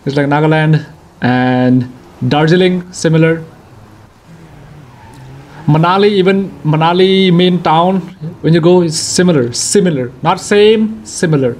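A young man with an Indian accent, giving playful, excitable commentary over his own racing game and bursting into shouts and jokes. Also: on the high side, a little slow, long pauses. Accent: Indian English. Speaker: gaming YouTuber. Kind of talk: let's-play racing commentary.

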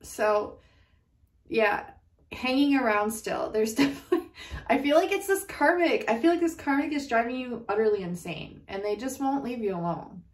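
A woman's voice: a little high, expressive, normal speed. A woman giving a casual tarot reading, giggling often and swearing freely. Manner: giggly, profane, frequently laughing. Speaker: tarot card reader. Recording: echoey room, far from mic.

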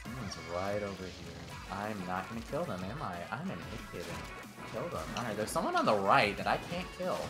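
A gamer joking and teasing through casual play chat. The voice swings widely in pitch as they talk. Music plays clearly underneath. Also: very animated. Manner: joking, teasing, with quick asides. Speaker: guest gamer. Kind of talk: casual chat while gaming.

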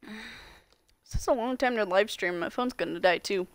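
A woman's mid-range voice comes through a little slowly, with a bit of hiss or hum. Speaking with a slight Southern US accent, she chats her way through a live-streamed game and talks back to it.

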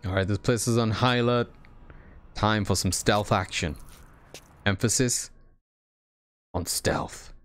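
A man's voice: fairly low pitch, fairly even intonation, moderate pace, a bit bright. A man streaming a stealth game from his home setup, joking and swearing as he talks to his chat. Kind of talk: casual live-stream commentary. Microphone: desk condenser microphone.

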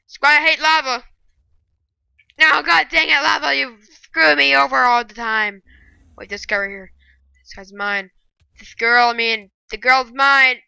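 A woman giving live gameplay commentary, excitable and bursting into loud shouting rants. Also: sits high, unhurried, gravelly, pauses often, clear, resonant tone, dry recording. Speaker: gaming video creator.

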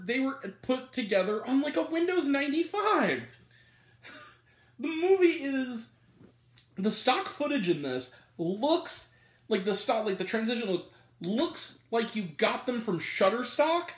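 Male movie reviewer, high and very expressive voice, rambling and self-correcting. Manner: animated, rambling, stumbles over names and laughs. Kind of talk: casual spoken movie review. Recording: roomy echo.

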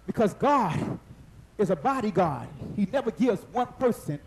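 Very high-voiced animated male preacher. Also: normal speed, vocal fry, noisy background. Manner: animated, call-and-response with the congregation; breaks into shouting at high points. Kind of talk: sermon. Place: church service.

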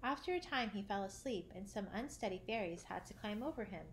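A woman narrating a children's classic, reading gently and lifting her voice for the characters' lines. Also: medium pitch, expressive, brisk, hardly any pauses, slight background noise. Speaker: audiobook narrator. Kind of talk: storybook reading.

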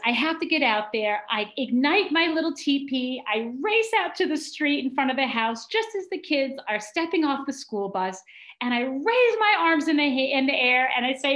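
A middle-aged woman telling a personal story on stage, animated and dramatic. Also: high voice. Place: congregation hall on stage. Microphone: stage mic with feedback. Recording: echoey hall.

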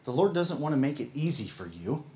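A man with a Midwestern American accent preaching a sermon as pastor, folksy and quick to laugh at himself. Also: mid-range voice, sing-song, a little mellow.

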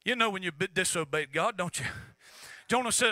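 A man delivers a fiery revival sermon in an unusually high, piercing voice. He peppers his lines with "amen" and climbs into shouted peaks. The sound is dry and close. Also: expressive, brisk, no room sound. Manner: preaching with frequent amens and shouted peaks. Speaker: pastor.

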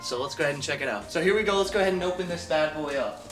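A man giving excited, chatty commentary to his viewers while he plays a video game in a room at home. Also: fairly high pitch, racing, soft background music. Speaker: gaming YouTuber.

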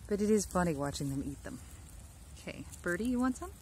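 A woman's voice: fairly low pitch, sing-song, a little fast, darkish tone, slight background noise. A woman outdoors in her backyard, talking in a cooing, affectionate baby-talk way to her ducks while filming them on a handheld phone. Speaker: backyard duck keeper. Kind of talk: casual vlog talking to pets. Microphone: handheld phone camera.

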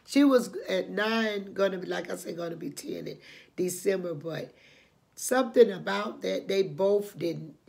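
A woman's voice: medium pitch, measured pace, creaky, a little mellow. An older woman hosting her own channel, telling her life story to the camera in an emotional, preachy way, calling listeners honey and repeating herself. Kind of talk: emotional personal testimony to camera.

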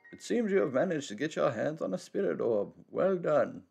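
Man doing a cryptic old hermit, gravelly, lively pitch, slow and measured, game dialogue read aloud. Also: soft background music, full character voice. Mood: cryptic, teasing. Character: mysterious old male hermit, cryptic and teasing.

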